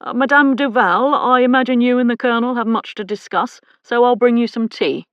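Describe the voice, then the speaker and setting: A woman voicing a dour, protective male landlord in an audiobook, pitching her voice higher. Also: fairly quick, clear, resonant tone, dry recording, lo-fi sound, close to an everyday voice. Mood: gruff.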